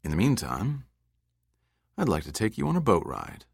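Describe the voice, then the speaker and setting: A man's voice: on the low side, wildly swooping pitch, moderate pace, gravelly, husky, dry recording, full character voice. A man voicing an easygoing, wry male adventurer in an audiobook, with a dry, understated delivery. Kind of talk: audiobook dialogue reading.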